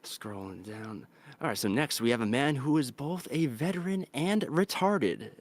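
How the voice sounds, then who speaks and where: A man's voice: on the high side, animated, normal speed. A man hosting a comedy roast on stream, reading crude jokes from his notes in a dry way. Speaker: roast host.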